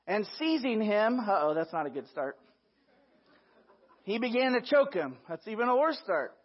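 A man with a somewhat high voice preaches in an easy, conversational manner, often turning to his listeners as "guys". His delivery stays lively and direct throughout. The recording sounds muffled and lo-fi. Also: moderate pace. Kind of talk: sermon. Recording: dull lo-fi recording.

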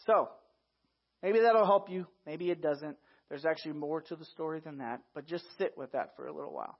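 A man preaching a sermon in a lively, conversational way, talking straight to his listeners as "guys". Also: on the high side, brisk, vocal fry. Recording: dull lo-fi recording.

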